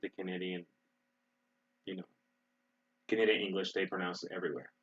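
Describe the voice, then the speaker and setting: An American man teaching English in an online webinar, explaining in a relaxed way with many fillers and restarts. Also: deep voice, fairly quick, breathy edge, muffled recording. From United States.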